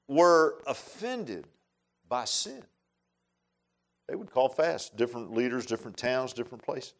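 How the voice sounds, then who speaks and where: A man preaching a sermon in a folksy, emphatic way, with many asides to the congregation. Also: on the high side. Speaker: pastor.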